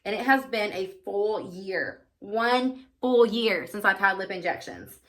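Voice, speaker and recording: A woman's voice: medium pitch, unhurried, fairly bright tone. A woman beauty vlogger chatting casually and candidly through her makeup routine, with lots of fillers. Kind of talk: casual get-ready-with-me chat.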